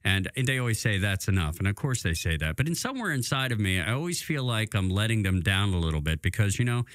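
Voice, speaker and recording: A man's voice: fairly low pitch, sing-song, fast, a bit bright, no room sound, clean studio sound. A middle-aged man co-hosting a recovery talk radio show, speaking candidly and confessionally with many fillers. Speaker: co-host.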